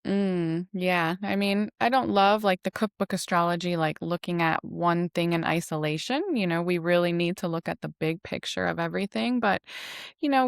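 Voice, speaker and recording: Gravelly, smooth-voiced woman astrologer. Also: on the low side, no room sound, studio quality. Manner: flowing, reflective, many fillers like "you know" and "right". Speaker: astrologer guest. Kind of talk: casual podcast conversation.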